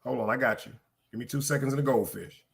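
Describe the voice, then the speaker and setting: This Brooklyn-accented host from Brooklyn, New York, talks fast with a medium pitch and audible vocal fry. On his live podcast stream he rambles through casual, foul-mouthed chat addressed right to his viewers.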